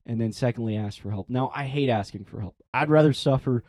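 Speaking a little fast at medium pitch, this young priest shares a personal story in a casual interview captured in clean studio sound with no echo. He brings the quoted voices to life animatedly, peppering his speech with "like."

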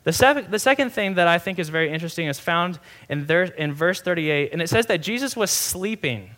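Bright-voiced man preaching a casual sermon. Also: fairly high pitch, fairly quick. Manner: conversational, animated storytelling with many asides. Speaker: pastor.

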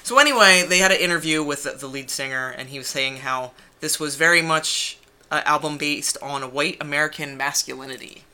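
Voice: medium pitch, brisk, bright, forceful tone, smooth. A co-host of a music review podcast, talking in a rambling, self-deprecating way with swearing. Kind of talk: casual music review chat.

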